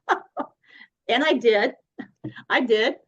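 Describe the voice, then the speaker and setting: Woman coach as podcast guest, animated storyteller; dull remote-call sound. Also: a little high, slow pace, breathy edge. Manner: animated, laughs often while telling stories.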